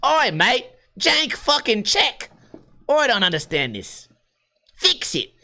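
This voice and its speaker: A man's voice: very high-pitched, very animated, slow, creaky, pitched above the performer's own voice, full character voice. A man doing a rowdy, blunt Australian bloke in a mock Australian accent, barking short lines. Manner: shouty, barking short outbursts.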